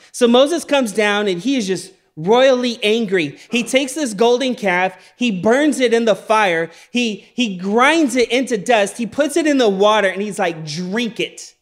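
A man preaching a sermon as a pastor, reading and retelling stories in a conversational way and asking the audience questions. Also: high-pitched. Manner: conversational storytelling, asks the audience.

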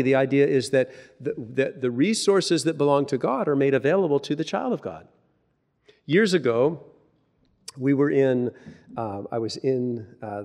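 A male pastor preaching in a loose, chatty way, circling back on his words as he builds a story toward his point. His voice sits at a middle pitch for a man, neither deep nor high. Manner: conversational and animated, many restarts and filler words. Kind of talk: sermon with personal story.

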